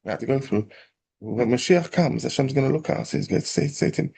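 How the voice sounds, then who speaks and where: A man, a rabbi telling a parable in a lively storytelling class. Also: medium pitch, fast talker, gravelly, slightly rough. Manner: animated storyteller, acting out quotes.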